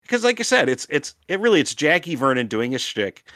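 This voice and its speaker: Lively man chatting on a podcast. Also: on the high side, brisk, no echo, clean studio sound. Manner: animated, laughing often. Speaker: podcast co-host. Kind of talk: casual chat.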